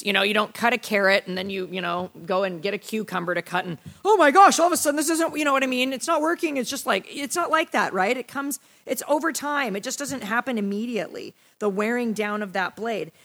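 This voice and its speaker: A woman's voice: mid-range voice, fairly quick, fairly bright tone. A young woman teaching a Bible study lesson in a casual, conversational way, often checking in with her listeners. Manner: conversational, frequent "right?" and "you know".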